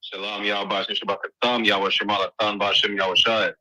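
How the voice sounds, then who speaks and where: A man's voice: lowish voice, little pitch movement, quick pace, a crowd in the background, poor audio. A man calling into a stream and making an earnest religious announcement. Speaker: caller on a stream.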